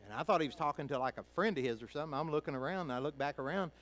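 Very fast and high-pitched, the Kentucky pastor, a middle-aged man, tells a folksy personal story during his sermon, voicing other characters and shifting from quiet to loud. The audio quality is poor.

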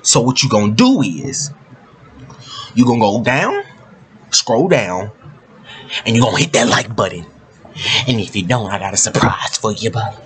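Man, reaction host, casual chat, bouncy pitch, faint background hum. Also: big pitch swings, normal speed, pauses often, fairly bright tone, low-quality recording. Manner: laid-back, says "bro" constantly, laughing asides.

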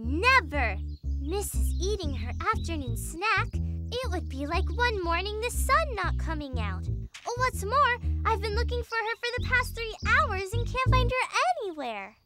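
An excitable cartoon girl inventor. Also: extremely high pitch, a little slow, heavily acted. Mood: worried. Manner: bossy and excitable, fond of science. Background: loud kids' cartoon music.

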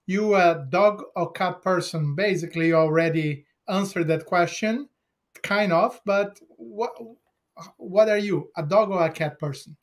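A man hosting a talk show, asking questions in a halting way while searching for words. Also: high-pitched. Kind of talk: interview questions.

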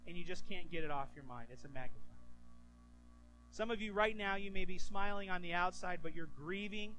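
Animated male preacher, bright high voice. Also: low-quality recording. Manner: animated, acts out quoted voices. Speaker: pastor. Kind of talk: sermon.

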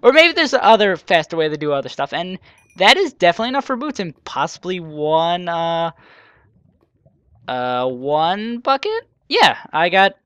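Lively-voiced rambling gamer guy. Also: high-pitched, normal speed, smooth, no room sound. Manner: rambling, self-mocking with joking asides. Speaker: gaming channel host. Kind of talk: let's play commentary.

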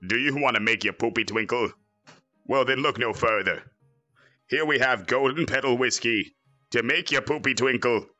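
A man's voice: medium pitch, normal speed, pushed and bright, no echo, dull audio, faint music behind, natural voice. A man voicing a cocky, crude male android villain in a fan parody, boastful and joking. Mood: salesman.

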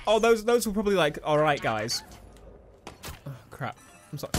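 Excitable gamer, high lively voice. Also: male voice, normal speed, long pauses. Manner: excitable, swearing, laughing at his own jokes. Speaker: gaming YouTuber. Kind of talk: let's play commentary. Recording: game gunfire and sounds behind.

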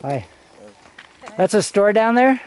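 A man's voice: sits high, sing-song, takes it slowly, a little mellow. A man vlogging outdoors on a hillside road, telling a rambling story and swearing freely as he talks to his viewers. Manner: profane, loose, talks to viewers as he walks. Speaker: travel vlogger.

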